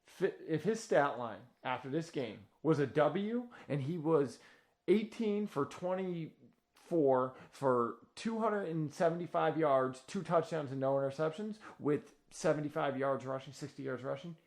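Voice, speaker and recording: A man's voice: a little high, animated, unhurried, a little mellow. A man co-hosting a podcast in casual chat, often chiming in with agreement. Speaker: podcast co-host.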